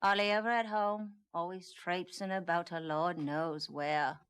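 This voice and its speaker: A woman's voice: on the low side, level tone, measured pace, smooth, lightly acted. An actress playing a gossipy Victorian servant woman with an Irish accent and folksy turns of phrase, in a 1990s video game. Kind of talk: 1990s full-motion video game acting.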